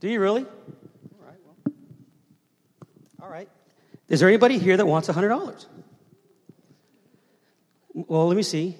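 A man in his fifties delivers a sermon in a conversational, storytelling way, calling on the congregation to answer him. His voice sits high for a man. The sound rings out with a long reverb, as in a large church. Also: lively intonation, unhurried, pauses often. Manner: conversational storytelling preacher, asks the crowd to respond. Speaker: pastor.

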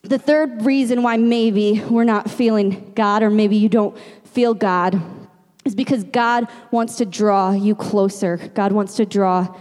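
A woman's voice: medium pitch, steady tone, a little slow, darkish tone. Earnest woman preaching in a reverberant hall. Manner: earnest, storytelling, rhetorical questions. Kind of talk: conversational sermon with personal story.

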